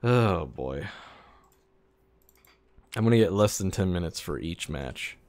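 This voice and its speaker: A young man streaming a shooter game, grumbling sarcastically at teammates and bursting into frustrated shouts. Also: deep voice, animated, slow pace. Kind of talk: live gameplay commentary.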